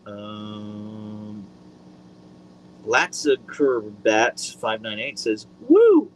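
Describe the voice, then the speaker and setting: A man hosting a casual live stream, rambling in a friendly way with lots of fillers, speaking into a boom mic. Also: expressive, moderate pace, a little hiss or hum, low-quality recording. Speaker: livestream host.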